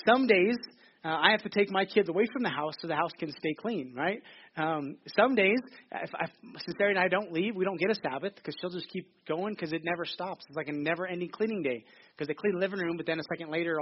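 Here a thirty-something pastor gives a chatty, joking sermon in a theater and keeps restarting what he's saying. His high voice comes through a somewhat dull lo-fi recording with a bit of hiss or hum.

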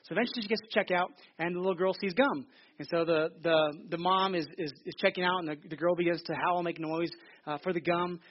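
A man's voice: sits high, steady tone, quick pace, a little hiss or hum. A man in his thirties preaching a sermon in a theater, joking and chatty, often restarting his sentences. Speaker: pastor. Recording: slightly dull lo-fi recording.

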